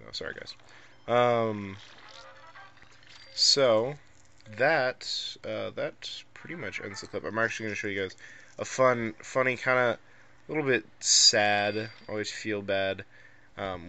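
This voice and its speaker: Young man, low-ish pitch, bright tone, monotone rambling gameplay commentary with lots of filler. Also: gravelly. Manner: monotone, rambling, many ums. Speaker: gameplay video creator.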